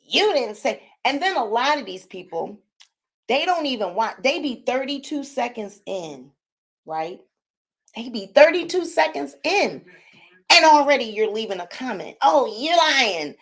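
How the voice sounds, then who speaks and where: Loud, high-pitched woman vlogger. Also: unhurried, gravelly. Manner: animated, sassy, talks to her dog and chat. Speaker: channel host. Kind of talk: casual chat to viewers.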